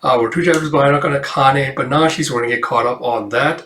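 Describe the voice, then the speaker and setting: A man's voice: mid-range voice, fast, roomy sound. Laid-back guy. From Canada. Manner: relaxed, lots of filler "uh"s. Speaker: channel host. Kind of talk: casual read-through commentary.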